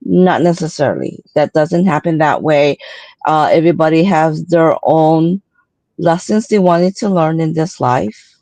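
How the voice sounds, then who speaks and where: Unhurried woman panelist, lowish voice, measured cautionary tone. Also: warm tone, dry recording. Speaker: guest panelist. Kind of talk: casual livestream chat.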